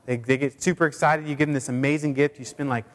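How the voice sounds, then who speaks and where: A man preaching a sermon in a casual, chatty way with many fillers, now and then putting on high squeaky voices for quotes. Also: fairly even intonation, fast talker, in a large hall. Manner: puts on high squeaky voices when quoting people. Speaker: pastor.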